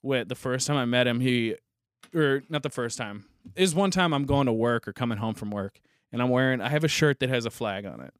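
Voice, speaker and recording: A man's voice: mid-range voice, fairly quick, clean tone, no room sound, studio quality. Crude, rambling man on a podcast. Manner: rambling storyteller with frequent restarts and crude humor. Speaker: podcast co-host. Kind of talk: casual chat.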